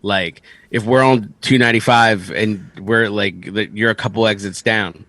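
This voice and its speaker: A man's voice: fairly low pitch, fairly even intonation, normal speed, a bit bright, dry recording. A man co-hosting a casual podcast, wry and sarcastic, laughing at his own jokes. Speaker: podcast co-host.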